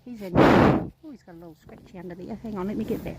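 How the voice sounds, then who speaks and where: Talking to horses in loving baby talk, a vlogger from New Zealand records outdoors on a horse farm for a casual vlog. She speaks fairly quickly in a mid-range voice, and the recording is very noisy.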